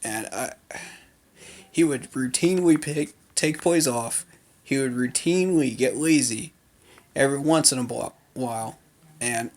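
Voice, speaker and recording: A man giving an unscripted recap of a training day, talking loosely with lots of fillers and firm opinions. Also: medium pitch. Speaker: fan commentator. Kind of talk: casual recap vlog.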